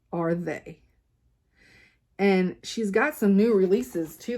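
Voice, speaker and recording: Woman, casual home craft vlogger, low-ish voice, chatty and rambling, laughs a lot. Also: vocal fry, darkish tone, husky. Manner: rambling, laughs often, many fillers. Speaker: cross-stitch vlogger.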